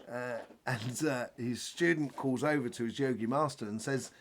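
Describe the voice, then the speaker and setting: Gravelly man, chatty spiritual host. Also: medium pitch, normal speed, a little hiss or hum. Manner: rambling, chatty, with frequent restarts and jokes. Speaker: spiritual teacher hosting a live Q&A. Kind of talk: casual live-stream talk.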